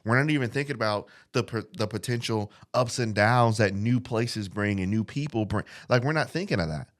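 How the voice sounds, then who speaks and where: Male podcast preacher, lowish voice, earnest and repetitive teaching. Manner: repeats phrases, reflective and earnest, reads scripture slowly. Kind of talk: casual sermon. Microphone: studio mic.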